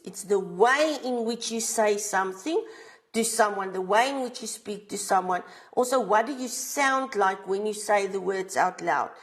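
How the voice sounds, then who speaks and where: A woman with a South African accent teaches an exam revision lesson in a fairly high voice. She explains each point step by step and often pauses to ask "right?" to keep students with her.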